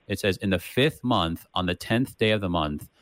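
Brief: man, lowish voice, casual Bible-study co-host, restarts a lot and tags lines with "right?", dry close sound. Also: normal speed, fairly bright tone, no echo. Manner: thinks aloud with many restarts and "right?" tags.

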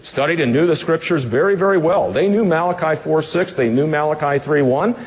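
A man's voice: on the high side, a little fast. Man preaching in an echoing hall. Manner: asks the listeners rhetorical questions; casual with fillers. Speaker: pastor teaching a Bible passage. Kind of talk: conversational sermon.

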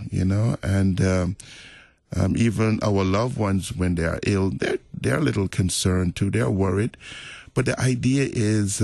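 Very deep-voiced man, unhurried. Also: vocal fry, darkish tone, no echo, studio quality. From Jamaica. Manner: unhurried, reflective storytelling. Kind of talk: casual faith conversation.

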